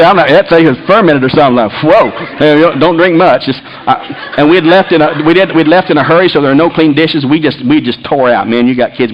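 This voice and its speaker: A middle-aged man telling a comic story, animated and breathless, laughing as he talks, his voice climbing high and loud when he gets excited. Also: highs cut off, a little hiss or hum. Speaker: comedian storyteller. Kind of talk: comic story to a live audience.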